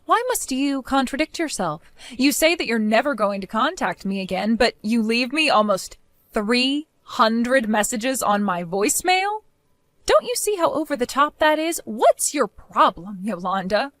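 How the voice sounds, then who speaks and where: A woman voicing a defiant, mocking young daughter-in-law in an animated story, speaking in a sarcastic way. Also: on the high side, measured pace, dry recording. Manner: sarcastic, mocking, laughs often.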